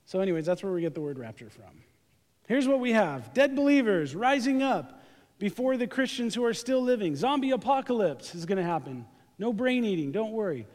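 A man preaching a lively, joking sermon, speaking straight to his congregation during a live church service. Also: sits high, a little fast. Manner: joking, animated, talks to the congregation directly. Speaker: pastor. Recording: live church recording with long hall reverb.

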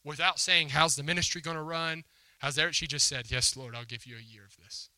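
A man's voice: on the high side, fairly even intonation, brisk, sharp tone, no echo. A man preaching a sermon as a pastor, telling a story in a conversational, emphatic way and acting out the quotes. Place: church hall before a congregation.

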